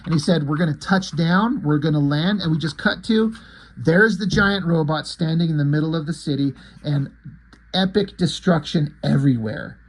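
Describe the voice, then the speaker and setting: A man's voice: on the high side, normal speed, breathy edge. A man casually retelling a comic book's plot in an enthusiastic, rambling way. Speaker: comic book reviewer.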